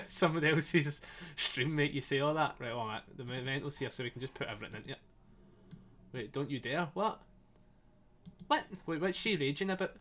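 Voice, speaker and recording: A man's voice: a little high, a bit bright, a little hiss or hum. A man casually commenting on a story game he is playing live, joking with his chat, laughing often and swearing freely, his voice a little strained. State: slightly strained voice. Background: faint game soundtrack music.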